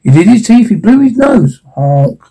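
A man reading a rhyming children's story aloud in a playful, lively way, with the odd stumble. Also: high-pitched, moderate pace, gravelly, low-quality recording.

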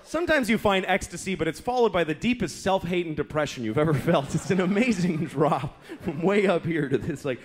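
A man's voice: fairly high pitch, animated, brisk, hardly any pauses. Profane man in his thirties doing stand-up. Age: 30s. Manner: profane, exasperated, jumps into mock voices. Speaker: stand-up comedian. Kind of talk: stand-up routine. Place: comedy club stage. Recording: live club recording with loud crowd and room noise. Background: audience laughter.

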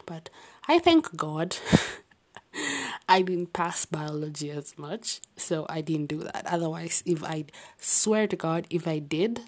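A young woman with an accent, rambling about her life late at night in a soft, often half-whispered voice with sighs and restarts. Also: sits low. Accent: unnamed non-native-sounding accent. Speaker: vlogger.

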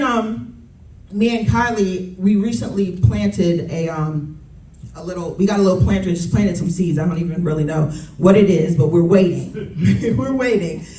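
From a distance, in a roomy church recording, a woman in her thirties delivers a conversational sermon and calls out "Amen" and "y'all" to the congregation. Her voice is on the high side and mellow.

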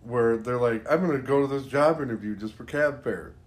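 A man's voice: mid-range voice, a little fast. A man co-hosting a podcast, teasing and swearing in laid-back chat about videos. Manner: drawling, laughing, teasing. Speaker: podcast co-host. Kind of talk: casual profane chat reacting to videos. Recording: faint background noise.

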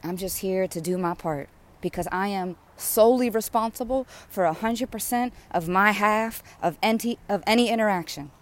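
A woman's voice: medium pitch, moderate pace. Fervent woman preaching a prayer. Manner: repetitive, rhythmic, fervent preaching. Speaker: spiritual speaker. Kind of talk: impassioned prayer sermon.

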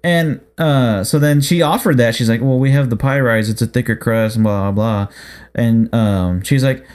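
A man's voice: medium pitch, moderate pace, darkish tone, smooth. A young married man co-hosting a casual chat, teasing his friend and telling his own story with mocking impressions. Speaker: podcast co-host.

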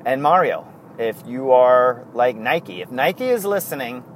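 A man's voice: medium pitch, animated, unhurried, slight background noise. A man hosting a casual podcast on his own, telling stories in a rambling way with chuckles and self-corrections. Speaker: podcast host. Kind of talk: casual solo podcast talk.

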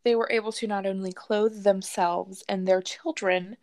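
A woman's voice: medium pitch, steady tone, normal speed, darkish tone. A woman co-hosting a casual podcast, telling a creepy true story with lots of laughs and swearing. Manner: laughing, profane, joking storyteller. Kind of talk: casual true-crime chat.

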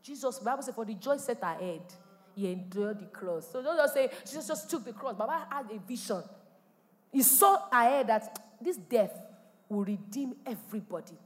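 A woman pastor, preaching a sermon with animated delivery and sudden loud exclamations. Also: on the high side, normal speed, big-room sound. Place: church hall.

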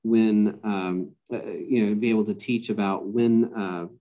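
Man, podcast guest, low pitch, soft warm tone, measured and halting, lots of ums. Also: steady tone. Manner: hesitant, many fillers and restarts. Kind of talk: casual podcast conversation.

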